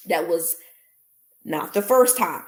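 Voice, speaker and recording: In an echoey room, a woman with a mid-range voice hosts a podcast and tells a story straight to her listeners. She's animated and blunt in this casual monologue, repeatedly saying "y'all."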